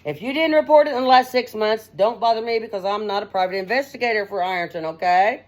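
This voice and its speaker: A middle-aged woman hosts a casual, unscripted monologue, blunt and outspoken as she rambles and calls listeners "honey" and "man." She speaks fast in a mid-range voice, straight into her device's mic without a headset.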